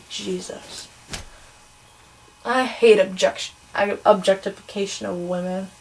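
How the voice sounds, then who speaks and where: A woman's voice: mid-range voice, fairly even intonation, moderate pace, a little mellow, a little hiss or hum, poor audio. Teenage girl with a Wisconsin accent. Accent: Wisconsin, Midwestern American. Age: teens. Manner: chatty, opinionated, many ums and sos. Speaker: vlogger. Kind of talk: casual ranting vlog.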